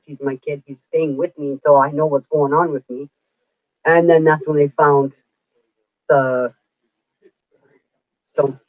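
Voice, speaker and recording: A woman's voice: low voice, no room sound. Woman, 40s, livestream host: blunt and profane, chatty; muffled dry lo-fi recording. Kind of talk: casual livestream chat. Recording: dull lo-fi dry sound.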